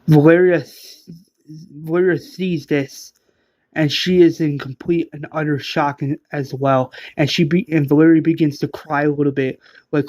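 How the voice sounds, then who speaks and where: A man narrating a fan-made zombie story in an informal, halting way with frequent restarts. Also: on the high side, fairly even intonation, darkish tone, no echo.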